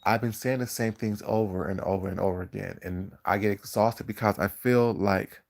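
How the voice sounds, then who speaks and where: A man talks to his live-stream chat in a slightly low voice. He sounds groggy, like it is early morning for him. He lectures in a drawn-out, preachy way and stops to greet viewers in the chat. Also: steady tone, vocal fry, a little mellow. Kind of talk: casual live-stream commentary.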